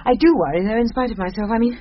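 An actress as an anxious middle-aged daughter. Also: female voice, on the high side, racing, lo-fi sound, a little hiss or hum, close to an everyday voice. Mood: uneasy. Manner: articulate, hesitant and self-deprecating. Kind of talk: radio sitcom acting.

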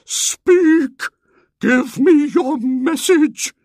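A narrator voicing a pompous middle-aged spinster psychic who declaims in a quavering, theatrical way. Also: female voice, fairly high pitch, very animated, slow, a little mellow, no room sound, studio quality, voice pushed up, full character voice. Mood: booming. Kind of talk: audiobook character voice.

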